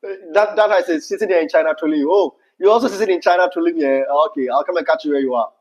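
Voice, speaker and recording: A man's voice: a little high, rapid-fire, a little mellow, lo-fi sound. A Ghanaian man with a Ghanaian English accent, co-hosting a casual livestream chat, laughing often and slipping into Pidgin. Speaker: livestream co-host.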